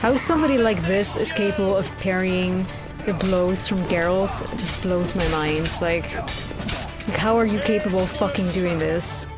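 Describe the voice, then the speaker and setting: A woman's voice: fairly low pitch, normal speed. A young woman giving casual, profane, blunt commentary while playing a video game, a bit sleepy. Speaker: let's play streamer. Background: game music and sounds.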